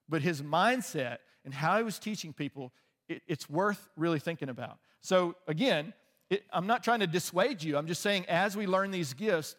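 A man with a somewhat high voice delivers a sermon, earnest and conversational, circling back and restarting his phrases as he builds a point. His voice rings out with a long tail of reverb, as if recorded in a large church sanctuary. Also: a bit bright. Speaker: preacher.

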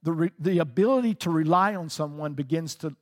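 A high-pitched man preaches in a loose, conversational way, often laughing between his points. His voice carries a long reverb, as if recorded in a large hall. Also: fairly quick. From United States. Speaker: pastor. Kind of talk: sermon.

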